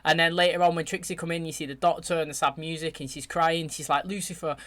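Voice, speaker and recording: A man hosting his channel, chatting excitedly as he reacts to a show's finale and addresses his viewers directly. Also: on the high side, fast talker. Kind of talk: casual reaction commentary.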